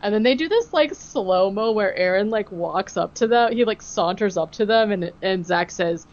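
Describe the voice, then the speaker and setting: A woman's voice: mid-range voice, moderate pace, lo-fi sound. A woman podcast co-host in casual chat, animatedly recapping a TV episode and acting out the quotes, with lots of "like" and "um". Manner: animated storytelling, acting out quotes, many fillers like "like" and "um".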